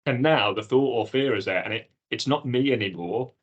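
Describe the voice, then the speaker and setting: A man co-hosting a podcast, telling his own experience in an earnest, animated way. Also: medium pitch, moderate pace, slightly rough, dull audio. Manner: earnest, animated storytelling with acted-out inner dialogue. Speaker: podcast co-host. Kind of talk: casual chat.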